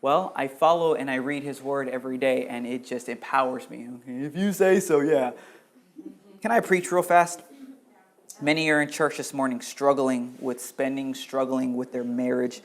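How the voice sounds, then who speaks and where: A man preaching a sermon as pastor, moving between loud urgent questions and quiet low passages, and calling on people in the congregation by name. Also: fairly even intonation, normal speed. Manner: addresses congregation members by name.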